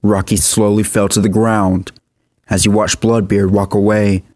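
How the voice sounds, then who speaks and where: A man narrating a horror story in a steady, even scripted reading. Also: on the low side, a little slow, no room sound.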